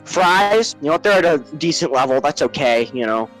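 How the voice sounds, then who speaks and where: A man telling a comic story, profane and exaggerated, swinging from hushed murmurs to shouted rants. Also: a little high, animated, moderate pace, faint music behind, rough recording. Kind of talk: comedic storytelling.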